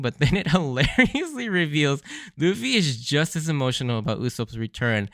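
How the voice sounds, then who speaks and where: An enthusiastic man hosting a podcast and recapping anime episodes in a loose, chatty way, often breaking into laughter. His voice sits in a middle pitch range. The recording is dry and close to the mic. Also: fairly bright tone, no echo. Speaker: podcast host.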